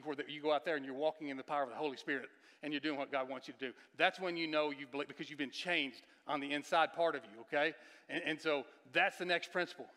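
A man delivers a sermon with a bright, forceful, fairly high voice, swinging between near-shouted emphasis and quiet, confessional passages. He repeats words and puts questions to the congregation. His voice rings out with the long reverb of a church sanctuary. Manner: emphatic, rising to near-shouts then dropping to hushed, confessional tones; repeats words and restarts, asks the audience questions. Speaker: guest preacher.

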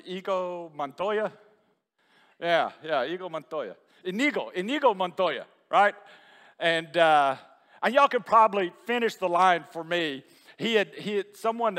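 A man's voice: sits high, a bit bright, big-room sound. A man preaching a sermon to a congregation, chatty and full of questions to the room. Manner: conversational, asks the congregation questions. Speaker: pastor. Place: church hall with a congregation.

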